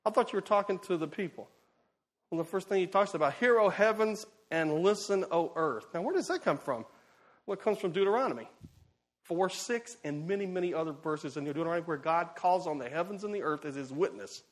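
Guy preaching a sermon, pretty high voice, gets loud then drops way down, really emphatic. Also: quick pace. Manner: animated, emphatic, swings loud and soft. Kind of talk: expository sermon.

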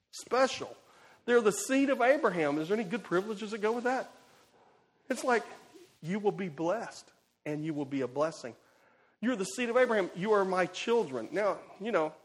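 A man with a high-sitting voice preaches an expository sermon, animated and emphatic, swinging from loud bursts to quiet asides.

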